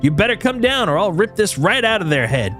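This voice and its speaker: A man voicing a fierce, hot-tempered armored woman fighter who shouts threats in a video game. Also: fairly high pitch, sing-song, normal speed, faint music behind, voice pushed up. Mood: furious.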